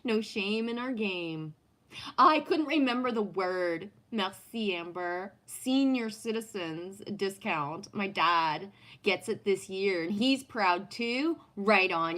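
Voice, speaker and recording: A fiftysomething woman with a medium-pitched, fairly bright tone hosts a casual live stream, full of profanity and frequent laughter as she reads out viewer comments. The audio is poor.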